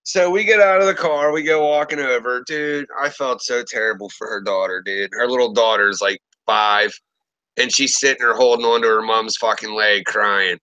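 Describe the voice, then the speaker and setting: A man in his thirties tells a story in loose, casual conversation. His voice is bright and forceful, and his speech is full of profanity. He acts out the lines of each person he quotes. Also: medium pitch, moderate pace, rough recording. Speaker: podcast host.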